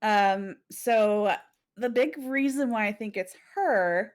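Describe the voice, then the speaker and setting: A woman's voice: mid-range voice, slow. A woman co-hosting a casual chat about a horror game, talking animatedly, swearing and laughing often. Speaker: co-host.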